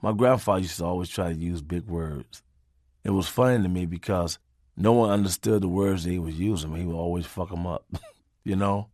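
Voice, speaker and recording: A man telling comic family stories in a profane, animated way. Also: low-pitched, brisk, no room sound, studio quality. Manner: profane, animated, laughs often.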